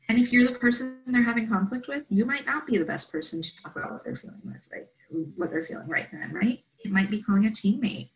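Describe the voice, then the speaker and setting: A woman's voice: on the high side, fast talker, hardly any pauses, low-quality recording. A woman presenting a training session, explaining steps in an instructive way and checking in with "right?" often.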